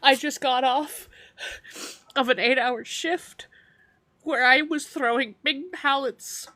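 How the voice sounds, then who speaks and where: A woman's voice: high-pitched, takes it slowly, sharp tone, dry recording. A woman co-hosting a paranormal podcast in casual chat, laughing through her words as she talks. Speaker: podcast co-host.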